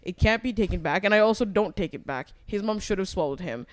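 A woman's voice: medium pitch, fast talker. Woman co-host, casual chat; emphatic, profane storytelling with quoted lines acted out. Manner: animated, acts out quoted lines in her retelling. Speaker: podcast co-host.

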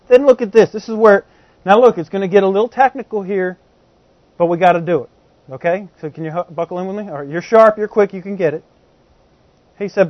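High-voiced man preaching to his congregation. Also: a little fast, dry recording. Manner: conversational, keeps checking in with the congregation; explains by everyday examples. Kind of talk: teaching sermon. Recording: slightly dull, muffled recording.

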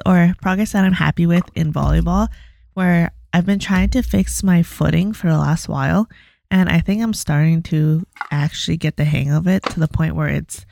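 A young woman co-hosting a podcast, chatting casually and telling stories in a relaxed way. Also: fairly low pitch, creaky, no echo. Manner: relaxed storytelling, laughs easily. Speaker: podcast co-host. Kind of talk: casual chat.

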